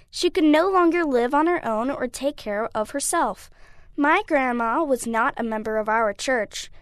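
A woman reading a child's letter aloud in a clear, plain delivery. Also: high-pitched, no echo, studio quality. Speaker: reader.

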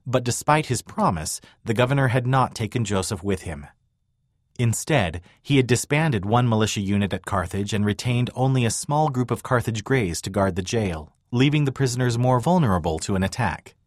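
A man narrating a scripted historical story in an even, measured way. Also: mid-range voice, no echo, studio quality.

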